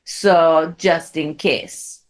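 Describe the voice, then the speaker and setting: A woman's voice: deep voice, fairly even intonation, very slow. A woman improvising as a sly, confident architect with a put-on French accent.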